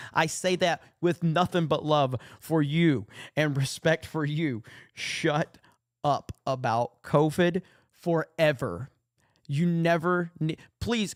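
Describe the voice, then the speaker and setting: A man's voice: on the high side, no room sound, studio quality. Emphatic man hosting a livestream. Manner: profane, emphatic, repeats himself; reads chat comments aloud. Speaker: podcast host. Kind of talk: casual livestream commentary.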